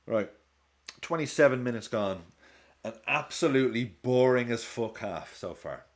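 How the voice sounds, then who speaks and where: A thirtysomething man with a medium-pitched, animated voice talks a little slowly during a live football watch-along. He reacts to the match, swears freely, and hops from one topic to another in casual chat.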